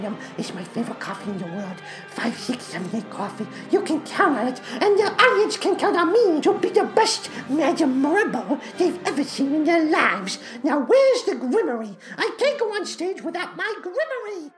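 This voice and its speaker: A woman putting on a flustered, scatterbrained stage actress who rambles and giggles her way backstage. The voice sits very high and swoops all over the place, with faint music playing behind. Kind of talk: comedic sketch as sponsor ad.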